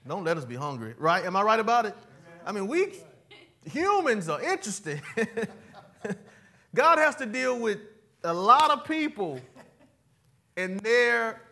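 A male pastor preaches in a high, bright, ringing voice. He leaps from loud cries down to quiet, folksy asides. He talks straight to his congregation in church. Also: big pitch swings, takes it slowly, pauses often, a little hiss or hum. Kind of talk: sermon.

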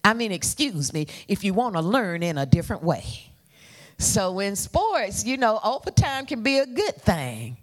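A woman delivers a sermon in a lively voice that swoops up and down. Speaking slowly and drawing out her words, she playfully has the congregation repeat after her, inviting their responses.

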